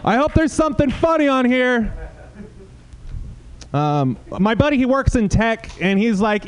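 A young man doing a stand-up comedy set on a small club stage, rambling and self-deprecating with halting asides. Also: high-pitched, lively intonation, clean tone.

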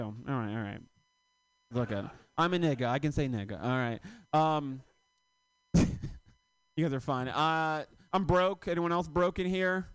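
Sex: man. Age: 30s. Style: stand-up set, lively pitch. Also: unhurried, clear, resonant tone, dry recording. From Florida. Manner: animated, profane, self-mocking storytelling. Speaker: stand-up comedian. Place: comedy club stage.

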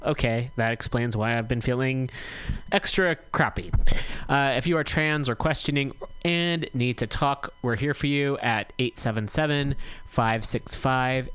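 A man's voice: mid-range voice, a little slow, fairly bright tone, clean tone, low-quality recording. A man hosting a community radio show, reading out notices in a chatty way and correcting himself as he goes. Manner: chatty, self-correcting, reads notices aloud. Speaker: radio host. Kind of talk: casual community radio talk.

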